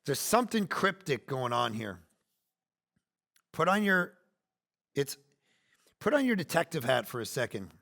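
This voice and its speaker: A man in his forties preaching a sermon, animated, swinging between loud bursts and quiet asides. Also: mid-range voice, unhurried, gravelly, long pauses. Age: 40s. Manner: acts out quoted lines in playful voices. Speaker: pastor.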